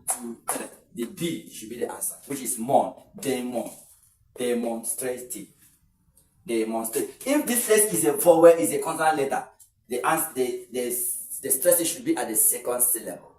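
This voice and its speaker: A man's voice: mid-range voice, a little mellow, a little hiss or hum. Man, exam-prep tutor, counts syllables aloud, echoey room, distant mic. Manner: explains step by step, counting syllables aloud, frequent fillers and restarts. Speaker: English tutor.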